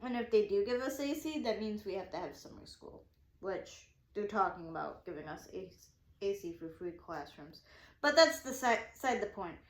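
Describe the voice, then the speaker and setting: A woman's voice: medium pitch, normal speed, echoey room. A woman telling a story from her day casually, rambling with many restarts and acting out what people said. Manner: rambling, full of "I'm like" and restarts; excitable, acting out quoted dialogue. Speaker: vlogger recounting her day.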